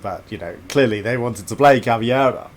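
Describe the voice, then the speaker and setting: A man's voice: medium pitch, moderate pace. A young man giving casual, teasing commentary while streaming a game, swearing and laughing often.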